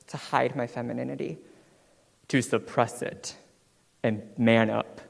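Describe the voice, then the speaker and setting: A woman in her twenties, a guest speaker telling her own story on stage in a chatty, animated way, often checking in with "right?". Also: a bass voice, unhurried, creaky, pauses often. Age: 20s. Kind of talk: personal storytelling talk. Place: stage in a hall. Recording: long hall reverb.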